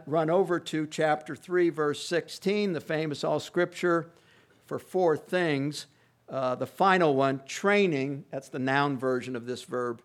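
Man preaching a halting, teacherly sermon. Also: fairly high pitch. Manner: teacherly, halting with many fillers, emphatic rising stresses. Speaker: pastor. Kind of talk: expository sermon.

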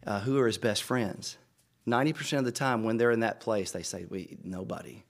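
A middle-aged pastor with a lowish voice talks a little fast as he preaches earnestly to fellow pastors. His style is conversational and story-driven, and he often repeats words.

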